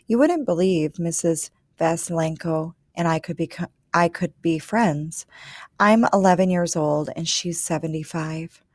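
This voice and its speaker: A woman reading a children's storybook aloud in a calm, measured way, telling it as a child narrator. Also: lowish voice, dry recording, clean studio sound. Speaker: reader.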